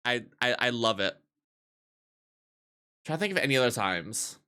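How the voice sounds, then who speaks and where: A man streaming and chatting casually, a barista telling profane, animated stories about customers. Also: medium pitch, moderate pace, clear, resonant tone. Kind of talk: casual livestream chat.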